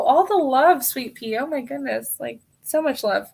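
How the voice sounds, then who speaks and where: An American woman hosts a live tarot reading stream and talks straight to her viewers. Her voice sits a touch higher than most. She is casual and apologetic, laughs often, and calls people hon while working through her list. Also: animated, moderate pace, vocal fry, hardly any pauses, darkish tone, breathy edge.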